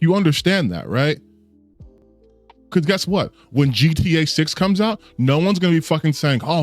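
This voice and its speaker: A man rants about his subject in a lively, swooping voice that sits a little high for a man. He sounds profane and exasperated, speaking into a close, dry mic with faint music underneath. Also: dry recording. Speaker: gaming commentator. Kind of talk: ranting commentary.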